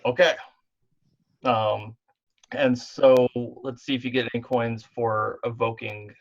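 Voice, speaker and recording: A man's voice: mid-range voice, fairly even intonation, takes it slowly, lo-fi sound. A man running an online tabletop game as game master, talking in a rambling way full of fillers and restarts. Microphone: online voice call.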